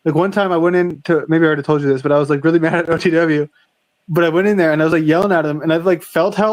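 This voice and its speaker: This young male streamer chats casually and rambles quickly, packing his speech with fillers. His voice sits fairly high, and his intonation stays mostly even.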